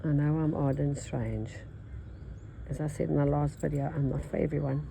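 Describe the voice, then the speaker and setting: A nasal older woman with an Australian accent chats as she works on her embroidery, thinking aloud and drifting between topics. Her voice sits low and warm, with a gravelly edge. A faint hiss runs under it. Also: level tone, moderate pace, low-quality recording. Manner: rambling, chatty, thinks aloud. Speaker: embroidery teacher. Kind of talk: casual chat while stitching.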